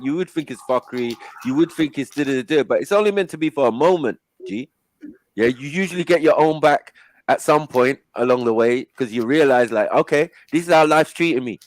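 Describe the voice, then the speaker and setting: A man hosting a panel, arguing his side in a laid-back, low-key manner full of street slang. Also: no echo. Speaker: panel host. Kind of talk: heated casual debate.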